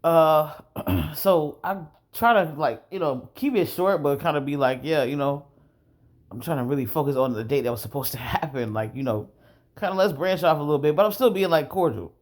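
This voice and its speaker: A man vlogger telling a rambling, profane story in a casual monologue, often clearing his throat. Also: a little high, moderate pace.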